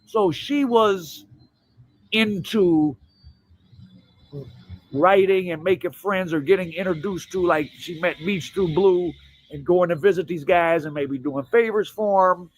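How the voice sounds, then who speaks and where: A man's voice: sits high, measured pace. A man hosting commentary in a casual, rambling and hesitant way.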